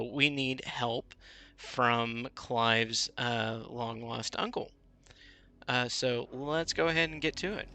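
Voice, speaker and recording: A man's voice: mid-range voice, creaky, sharp tone, no room sound. A man streaming a video game, chatting casually with viewers with many fillers and restarts, over faint game music. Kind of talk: casual gameplay commentary.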